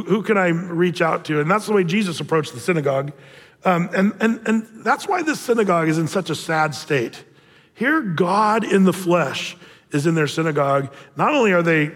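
This pastor's high-pitched, fairly bright voice carries a big-room sound in the church auditorium. His casual sermon is built on jokey stories, told with many restarts.

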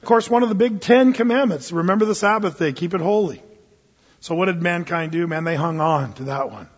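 Male pastor, high husky voice, folksy storytelling sermon, dull recording, long hall reverb. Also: a little fast. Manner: folksy storyteller, many fillers and restarts.

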